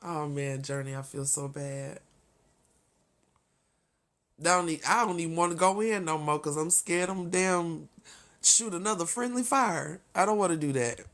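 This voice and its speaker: A woman's voice: lowish voice, moderate pace, pauses often, fairly bright tone. A woman hosting a casual livestream, ranting heatedly and profanely straight at her viewers, breaking off to laugh and apologize. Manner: laughs often, apologetic asides. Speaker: livestream host.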